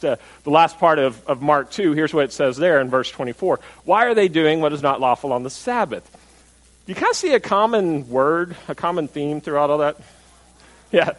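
A man preaching a sermon, lively and animated, asking the listeners rhetorical questions and repeating his words. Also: on the high side, poor audio. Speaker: pastor.

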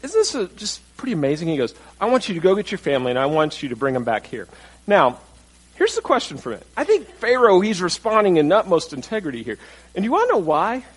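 Lively, conversational male preacher. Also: high voice, fast talker, breathy edge, rough recording. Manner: conversational, asks the audience questions, acts out quotes. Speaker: pastor. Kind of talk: sermon.

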